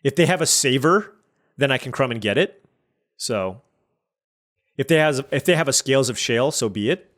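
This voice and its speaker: Lively man thinking aloud over a card game. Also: medium pitch, moderate pace, pauses often. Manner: lively, chatty, musing over each play. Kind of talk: thinking aloud while playing.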